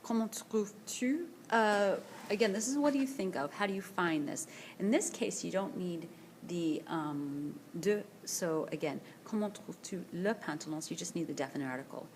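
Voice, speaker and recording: Woman teacher drilling vocabulary slowly. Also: lowish voice, darkish tone, slight background noise. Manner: slow, careful, repeats each word for pronunciation drill. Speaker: French teacher. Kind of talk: screencast vocabulary lesson. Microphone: tablet screencast voice-over.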